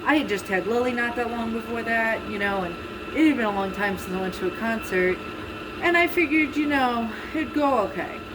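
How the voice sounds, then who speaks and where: A woman's voice: a little high, moderate pace. A young woman chatting casually as she bakes at home and tells a long story, full of fillers and asides. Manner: chatty, rambling, many fillers. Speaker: vlogger. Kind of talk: casual storytime while baking. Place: home kitchen. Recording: noisy home recording.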